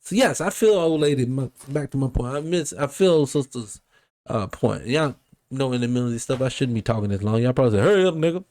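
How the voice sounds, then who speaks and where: A man hosting a show, giving casual reaction commentary in an animated, rambling and profane way. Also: mid-range voice, a little fast. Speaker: host.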